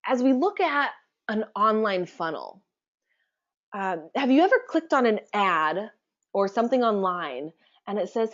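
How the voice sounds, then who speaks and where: A woman's voice: mid-range voice, measured pace. Chatty woman presenting a webinar, dull audio. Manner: asks rhetorical questions, relaxed and chatty.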